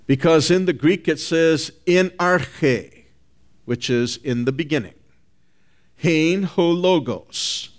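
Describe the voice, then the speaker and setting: A man preaching a sermon, emphatic and deliberate, reading scripture aloud and working through Greek phrases word by word. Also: on the high side.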